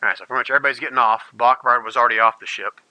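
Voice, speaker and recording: Game master, male, crisp dry sound, meandering delivery. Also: medium pitch, fairly even intonation, rapid-fire, bright, forceful tone, dry recording, poor audio. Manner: rambling, many uh fillers. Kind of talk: narrating a tabletop game.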